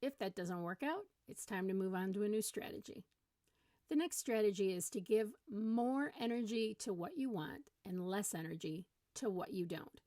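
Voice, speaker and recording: A woman parenting coach explaining strategies step by step in a calm, encouraging way. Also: mid-range voice, normal speed, no echo, clean studio sound. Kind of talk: instructional talk to camera.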